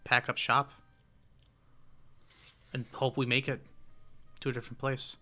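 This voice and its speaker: Anxious male farmer, as a man puts him on, bright forceful tone, slow pleading delivery, tabletop role-play. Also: medium pitch, level tone. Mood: despairing. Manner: pleading, worried questioning.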